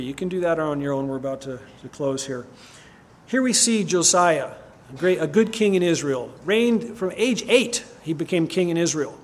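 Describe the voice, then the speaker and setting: A man with a high-pitched voice preaches a sermon. He reads Bible passages aloud and puts questions to his listeners, stopping now and then to correct a slip. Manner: reads scripture aloud, asks the listeners questions, often stops to correct himself.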